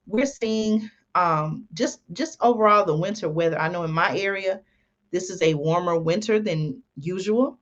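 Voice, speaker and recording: A woman's voice: lowish voice, moderate pace, highs cut off. Folksy woman reading news aloud. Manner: folksy, many ums and "y'all", reads aloud then comments. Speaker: channel host. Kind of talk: reading and commenting on an article.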